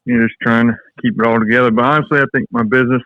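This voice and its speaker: A man's voice: medium pitch, fairly even intonation, very fast, no echo. A man in his thirties with a Southern US accent, an easygoing, plainspoken podcast guest. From Alabama, US. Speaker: guest, lawn care business owner. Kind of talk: casual interview chat. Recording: dull lo-fi call audio.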